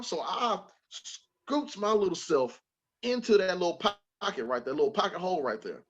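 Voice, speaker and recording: A man hosting a podcast, telling a childhood story in a casual, animated way with plenty of swearing. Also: high voice, moderate pace, slightly rough, muffled recording. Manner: animated, swearing, repeats words when excited. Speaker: podcast host.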